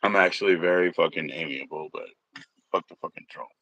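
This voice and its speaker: New guy streaming from home, deep voice, dry dull mic, swearing at trolls. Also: a little fast, bright, forceful tone, no echo. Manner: profane, rambling, mocking trolls. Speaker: livestream host. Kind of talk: casual livestream chat.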